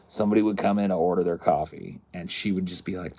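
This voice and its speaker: A man's voice: low voice, normal speed, pauses often, mellow. A man hosting a podcast, telling a casual, rambling story and laughing along as he goes. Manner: rambling, laughing at his own stories. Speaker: podcast host.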